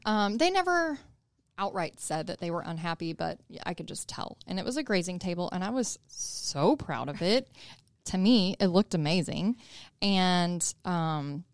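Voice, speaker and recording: A woman's voice: lowish voice, lively intonation, a little slow, smooth, no room sound, studio quality. A woman, a small business owner, telling a story in a casual interview, chatty and full of fillers.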